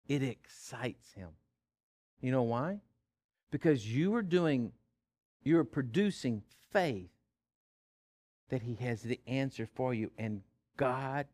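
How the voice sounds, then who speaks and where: A man preaching a sermon in an animated way, with big swings in pitch, stammered repeats and chuckles.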